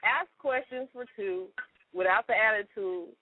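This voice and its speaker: A woman's voice: mid-range voice, unhurried, a little hiss or hum. A woman co-hosting a radio show, telling stories in a chatty way and laughing often in casual comedic chat. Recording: dry, phone-like narrow sound.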